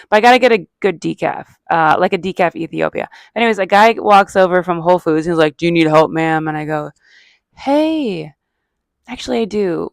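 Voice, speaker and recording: A woman's voice: fairly low pitch, creaky, dry recording. A middle-aged woman from Arizona, a comedian hosting her own podcast, talking in a chatty, self-mocking ramble that wanders off topic. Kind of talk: casual rambling monologue.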